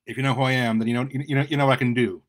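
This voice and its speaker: A man voicing a panicky, boastful male crook who talks loud and stammers. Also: mid-range voice, brisk, close to an everyday voice. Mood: frantic.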